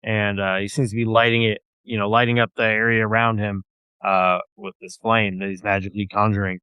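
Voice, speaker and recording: A man's voice: on the low side, level tone, a little fast, clean tone, dry recording, muffled recording. A man narrating as game master of a tabletop game, rambling with many fillers.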